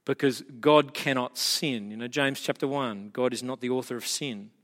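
A man preaching a sermon as a pastor, telling the story in an animated way and building to emphatic peaks. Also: medium pitch, normal speed, in a large hall.

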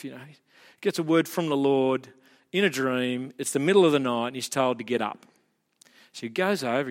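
In a large hall, a male pastor with a mid-range voice preaches a sermon, telling the story animatedly and building to emphatic peaks.

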